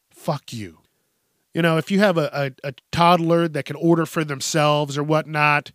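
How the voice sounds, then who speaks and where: A young man hosts a podcast and rants about his restaurant days, cursing in nearly every line. His voice sits a bit high for a man, and the recording is close and dry with no room sound. He sounds exasperated and blunt throughout. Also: a bit bright, no echo. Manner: profane, exasperated ranting. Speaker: podcast host. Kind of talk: ranting comedic monologue.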